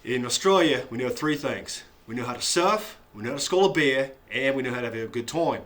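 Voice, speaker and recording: A man's voice: medium pitch, animated, a little fast, a bit bright. A man comedian running through accents in a loose, rambling way.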